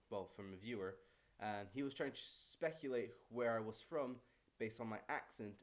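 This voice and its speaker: A young man from Morocco, raised in Brazil and Paris, ranting casually on his vlog as a student pilot, chatty and quick with frequent self-corrections. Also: on the low side. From born in Morocco, raised in Brazil and Paris. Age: young adult.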